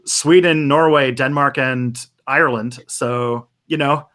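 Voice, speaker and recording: A man's voice: mid-range voice, fairly even intonation, slow pace, a bit bright. Easygoing man hosting a live stream. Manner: easygoing, makes it up as he goes. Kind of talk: casual live-stream chat.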